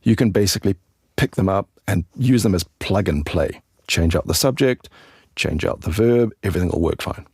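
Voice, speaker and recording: Deep husky man explaining English. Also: moderate pace, dry recording, clean studio sound. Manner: relaxed, chatty explaining with asides to the listener. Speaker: English teacher and podcast host. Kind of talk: conversational podcast lesson.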